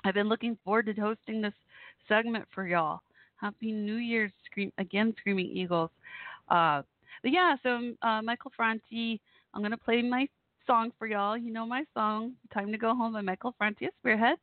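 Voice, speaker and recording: A female internet radio host, her voice weakened after the flu, chats with affection and speaks directly to her audience on a casual online show. She sounds a little high and talks at a normal speed. The recording is dry, with no echo and a tinny, phone-like quality.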